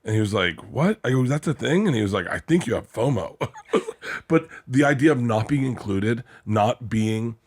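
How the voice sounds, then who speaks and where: A man hosting a podcast, telling animated stories with plenty of swearing and acted-out quotes. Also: medium pitch, normal speed. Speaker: podcast host. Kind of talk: casual podcast chat.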